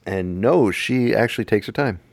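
A man's voice: lowish voice, normal speed, creaky, dry recording. A middle-aged man co-hosting a casual chat, easygoing and rambling with fillers. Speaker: podcast co-host.

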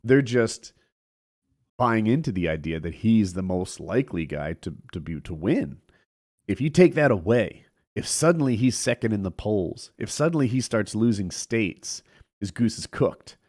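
A man chatting casually about politics on a podcast, animated and laughing easily. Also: on the low side, moderate pace. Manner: animated, laughs often, trails off.

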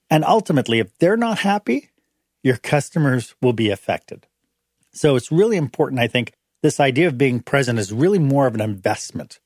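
Animated man, husky, close and dry. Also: medium pitch, dry recording. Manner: animated, acts out little dialogues in changed voices. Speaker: host. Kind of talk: motivational management talk.

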